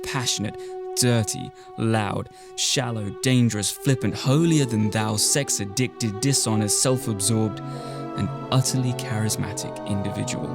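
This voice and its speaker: A man with an English received pronunciation accent, reading narration in a measured, deliberate way and chatting about his reads, recorded in a closet. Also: fairly low pitch, gravelly. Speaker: narrator and voice actor. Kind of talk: audiobook-style narration and casual chat.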